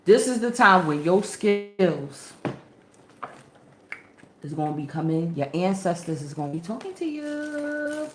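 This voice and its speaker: A woman spiritual reader in casual chat to camera, animated and slangy, with preachy asides. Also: fairly low pitch, unhurried. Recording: echoey room.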